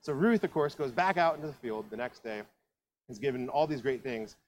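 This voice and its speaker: Brief: easygoing man preaching, talks as if to friends, mid-pitched, faint hiss behind. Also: lively intonation, fairly quick, rough recording. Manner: conversational storytelling, lots of asides. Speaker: pastor. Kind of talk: sermon. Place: church.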